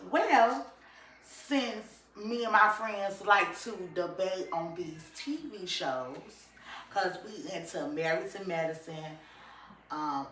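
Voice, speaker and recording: Woman vlogger, bright forceful voice, echoey room off-mic. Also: fairly low pitch, distant mic, a little hiss or hum. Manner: animated, talks straight to viewers. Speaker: YouTube vlogger. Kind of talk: casual commentary chat.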